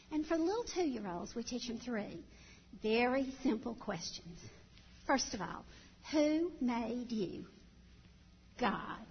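A middle-aged woman tells folksy, animated stories to a church audience. Her high voice rings with a long hall reverb. The recording sounds dull, with faint ambience behind. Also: a little hiss or hum. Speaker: church speaker. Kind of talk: storytelling talk to a church audience.

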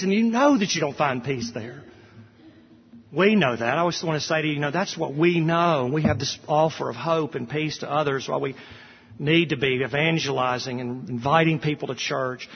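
Male pastor, somewhat high voice, fervent sermon delivery, long church echo. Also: normal speed, husky. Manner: impassioned preaching, rising for quoted scripture. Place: church sanctuary. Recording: dull sound with long hall reverb.

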